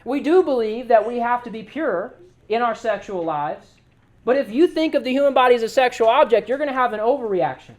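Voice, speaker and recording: A man giving an animated, joking sermon to a youth group as youth pastor, often telling the crowd to listen. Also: extremely high pitch. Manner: casual everyday slang.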